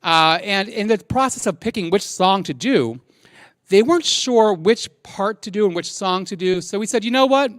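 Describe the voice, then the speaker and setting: A man's voice: sits high, animated, normal speed, fairly bright tone, dry recording. A man hosting a live fundraiser from a lounge venue, upbeat and introducing acts with fillers. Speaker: host of a live fundraiser stream.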